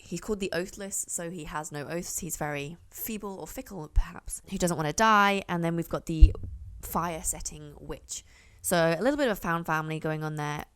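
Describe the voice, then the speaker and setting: A young woman chatting casually to camera as a book reviewer, rambling and often correcting herself. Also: fairly low pitch.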